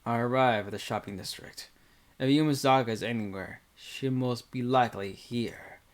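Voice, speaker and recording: A man's voice: medium pitch, normal speed. Casual male reader of a visual novel; rambles between lines with plenty of fillers, mid-range voice. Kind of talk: reading a visual novel aloud with casual commentary.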